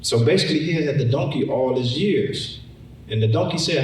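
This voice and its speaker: A man's voice: mid-range voice, animated, moderate pace, darkish tone. A man preaching a Bible lesson in a conversational way, often repeating words and acting out the story. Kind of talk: sermon, Bible teaching. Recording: echoey room, mic far off.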